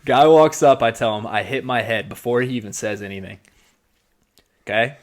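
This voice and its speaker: A podcast co-host with a medium-pitched voice tells a story at normal speed. He's casual and animated, swears, and acts out the lines he once said.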